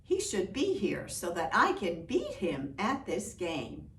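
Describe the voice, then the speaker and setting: Bouncy excited kids done by a woman, echoey room, mic a ways off. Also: on the low side, slow pace, heavily acted. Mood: curious. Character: eager young village children at play. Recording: echoey room, distant mic, faint hiss.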